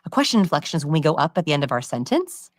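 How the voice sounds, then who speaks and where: A woman with a low voice explains body language and vocal cues as a podcast guest. She talks quickly and confidently, teaching through examples. The recording is dry and close. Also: big pitch swings, no echo.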